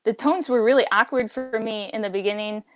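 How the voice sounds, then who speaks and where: A woman's voice: a little high, brisk. A woman talking as a guest on a casual livestream, a language teacher speaking emphatically and opinionatedly. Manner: emphatic, opinionated, animated impressions.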